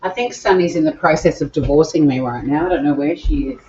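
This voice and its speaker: A woman's voice: low-pitched, fast talker, highs cut off, noisy background. Bubbly Australian woman cooking live. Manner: bubbly, chatty, talks to viewers while cooking. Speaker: cooking show host. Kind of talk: live-streamed cooking chat. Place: home kitchen.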